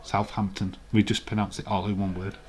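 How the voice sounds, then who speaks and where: A man's voice: lowish voice, little pitch movement, brisk, a little mellow. An English man hosting a live stream, chatting casually and rambling as he reads out viewers' comments and chuckles along. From England.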